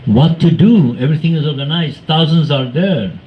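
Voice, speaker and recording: A man speaking to a devotional gathering, telling anecdotes in an animated way, acting out quoted voices and laughing often. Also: a little high, normal speed, dull audio. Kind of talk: storytelling talk to a congregation.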